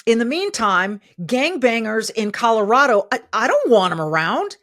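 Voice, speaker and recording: A woman's voice: on the high side, very animated, moderate pace, fairly bright tone. A middle-aged woman hosting a podcast, delivering emphatic opinion commentary and repeating phrases for stress. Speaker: podcast host.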